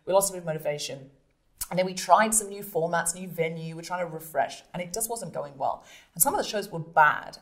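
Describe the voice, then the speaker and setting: A woman comedian and podcast host telling stories in an interview, animated and acting out scenes with voices. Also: fairly low pitch, fairly quick. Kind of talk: storytelling interview.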